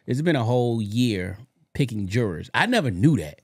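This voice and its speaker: A man's voice: mid-range voice, moderate pace, husky, no room sound. Podcast guy cussing through a story, dry close mic, mid voice. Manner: loose, profane, animated storytelling. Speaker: podcast co-host. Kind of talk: casual chat.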